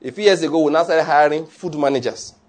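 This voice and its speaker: A man preaching a sermon in an animated way, often checking with his listeners. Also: on the high side, fast. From Nigeria. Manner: animated, asks the audience often.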